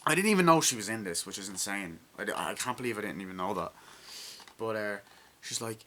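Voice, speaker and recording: A man's voice: lowish voice, lively intonation, fairly quick, a bit bright. A man with an Irish accent giving a casual, rambling and enthusiastic movie review, swearing now and then.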